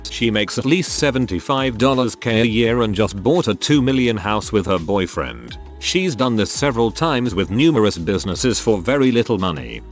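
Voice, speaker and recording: A man reading online posts aloud as a story narrator, with a lively, expressive delivery and the odd slip and self-correction. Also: fairly low pitch.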